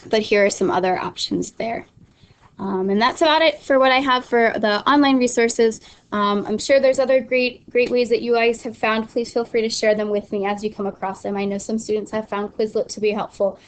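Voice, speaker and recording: A woman's voice: fairly high pitch, moderate pace. A young adult woman teacher explaining an online study tool step by step, casual and instructive with frequent ums and restarts. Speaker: Spanish teacher. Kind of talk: screen-recorded tutorial walkthrough.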